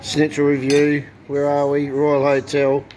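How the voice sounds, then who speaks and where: A man with an Australian accent talking casually on a river boat, with relaxed swearing and plenty of "uh" fillers. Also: a little high, measured pace, a crowd in the background, low-quality recording. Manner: laid-back, swears casually, many "uh" fillers. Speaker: travel vlogger. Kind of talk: casual vlog narration. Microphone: handheld camera mic.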